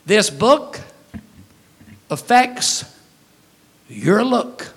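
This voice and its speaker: A man preaching a sermon as pastor, folksy and humorous, breaking into sudden loud shouts. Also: high voice, sing-song, very slow, husky.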